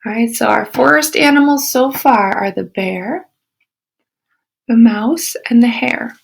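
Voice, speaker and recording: A woman teacher reading a picture book aloud to children, expressive, with whispered asides. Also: a little high, a little slow, vocal fry, slightly rough, low-quality recording.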